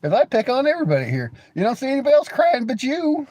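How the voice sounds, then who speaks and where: A man's voice: very high-pitched, wildly swooping pitch, fast, darkish tone, dry recording. A man with an American accent hosting a livestream, teasing and crude in casual banter. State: coughing. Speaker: livestream host.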